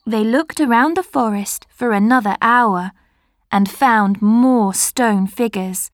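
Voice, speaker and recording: A woman narrating a storybook chapter in a slow, clear reading manner. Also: on the high side, no room sound, clean studio sound.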